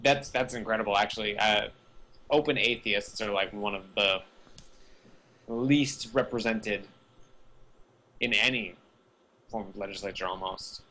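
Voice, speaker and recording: A man co-hosting a casual podcast, enthusiastic and quick to chime in. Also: on the low side, bright, forceful tone, low-quality recording. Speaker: podcast co-host.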